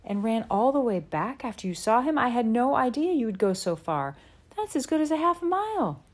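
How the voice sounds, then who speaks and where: A woman voicing a protective pioneer father who questions briskly and with concern. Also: medium pitch, very animated, pitched above the performer's own voice.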